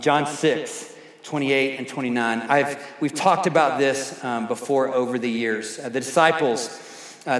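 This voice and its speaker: Man, pastor, slow deliberate sermon, slightly high voice, roomy church reverb. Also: a bit bright. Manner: slow, emphatic preaching with repeated key phrases. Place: church sanctuary. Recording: echoey hall reverb.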